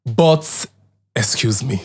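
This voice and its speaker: A man from Nigeria co-hosting a casual chat show, animated and playful with jokey asides. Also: mid-range voice, slow, husky. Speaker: co-host.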